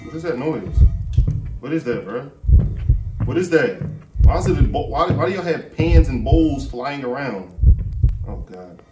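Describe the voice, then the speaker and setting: A man's voice: on the high side, animated, a little slow, long pauses, far from the mic. A young man commenting on a horror game for his viewers, jumpy and chatty, calling out "bro" often. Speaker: gaming YouTuber. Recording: roomy, off-mic, loud game music.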